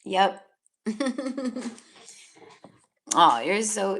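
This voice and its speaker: A woman's voice: lowish voice, fairly even intonation, measured pace, gravelly, long pauses, a bit bright, a little hiss or hum. A woman giving live psychic tarot readings, talking in a soothing, affectionate way with lots of fillers. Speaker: tarot reader.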